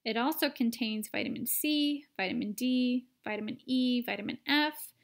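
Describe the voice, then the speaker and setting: A woman reading a children's book aloud in a lively storytelling manner with playful asides. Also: a little high, moderate pace, creaky. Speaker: reader.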